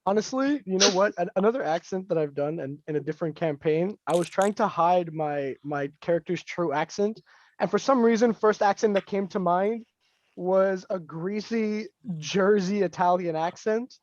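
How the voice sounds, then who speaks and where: A man's voice: sits high, moderate pace, highs cut off. A man chatting playfully with fellow tabletop players. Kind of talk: casual chat.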